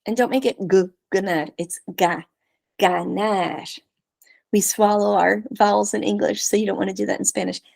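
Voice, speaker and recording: A woman teaching Spanish pronunciation, leading slow repeat-after-me drills of syllables and sentences. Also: medium pitch, steady tone, creaky, darkish tone, dry recording.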